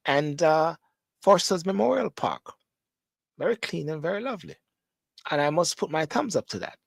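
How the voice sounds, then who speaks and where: This host is a man who grew up in Jamaica and speaks with a Jamaican accent, his voice on the high side and gravelly. He delivers a casual, rambling monologue full of restarts and repetition, recorded in London with no room sound.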